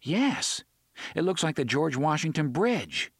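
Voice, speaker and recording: A man's voice: a little high, sing-song, measured pace, husky, no echo, studio quality, pitched above the performer's own voice, full character voice. A man voicing a frightened, defiant young boy who talks in a tense, urgent way. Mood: puzzled.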